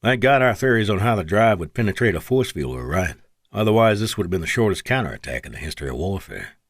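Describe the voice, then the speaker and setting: Man voicing a gruff Texan colonel, East Texas drawl, urgent clipped orders, low voice, audiobook. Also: big pitch swings, quick pace, no room sound, studio quality, heavily acted. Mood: grim relief. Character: gruff male Air Force colonel, vengeful.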